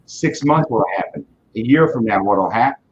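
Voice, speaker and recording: A man's voice: medium pitch, expressive, a little fast, slight background noise. A man who leads a car business, talking earnestly in a casual interview and often repeating words as he starts a thought. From Virginia, US. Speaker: car dealership leader, guest. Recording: dull lo-fi audio.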